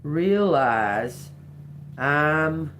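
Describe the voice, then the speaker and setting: Reading tarot live for her viewers, this woman speaks low but with a lively, slightly bright intonation. She muses at a slow pace, echoing words as she reads them aloud, and keeps it casual with swearing and laughter.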